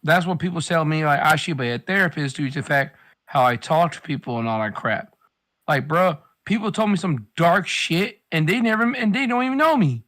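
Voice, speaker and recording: A man with a slightly high voice talks in a loose, rambling way. He swears freely and keeps circling back as he gives a friend blunt life advice. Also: expressive, a little fast, fairly bright tone. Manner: rambling, profane, advice-giving. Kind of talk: casual chat.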